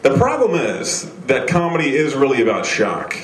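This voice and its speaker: Young male stand-up, mid-pitched voice, self-deprecating, restarts a lot, roomy club sound. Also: wildly swooping pitch, normal speed. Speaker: stand-up comedian. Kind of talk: live stand-up set. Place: small comedy venue stage.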